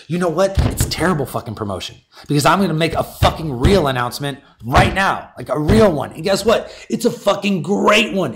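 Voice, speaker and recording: A man with a high voice runs a battle rap league stream, ranting with lively profanity before announcing an upcoming matchup, live-stream chatter and announcement combined.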